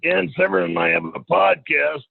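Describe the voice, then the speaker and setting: A man speaking bluntly and gruffly as a podcast guest over a phone line. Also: fairly high pitch, fairly even intonation, a little fast, background noise.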